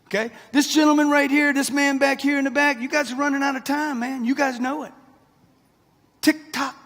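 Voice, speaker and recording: Speaking fast in an extremely high, slightly bright voice with fairly even intonation, a man in his sixties addresses the crowd head-on. It's a brash, punchy motivational talk in a big event hall, and long reverb fills the recording.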